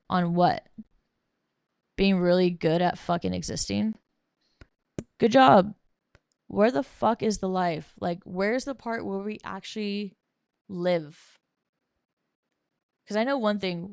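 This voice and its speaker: A woman's voice: medium pitch, a little mellow, smooth, dry recording, clean studio sound. A young woman hosting a podcast, ranting casually and bluntly with lots of swearing and sarcasm while reading from bullet points. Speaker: podcast host.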